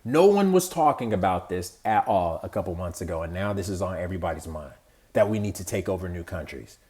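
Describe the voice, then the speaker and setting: A man's voice: deep voice, expressive, fairly quick, darkish tone. A man hosting a podcast, ranting about politics in a heated, exasperated way with casual slang and swearing. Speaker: podcast host. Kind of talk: solo political rant.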